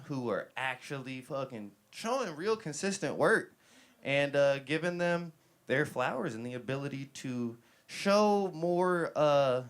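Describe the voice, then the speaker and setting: Joking thirties man hosting a live interview. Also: medium pitch. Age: 30s. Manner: loose, joking and rambling with many fillers. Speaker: host.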